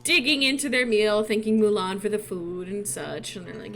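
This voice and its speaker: A woman giving casual, chatty game commentary with excitable, gushing reactions. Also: mid-range voice, normal speed, over music. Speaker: gaming YouTuber.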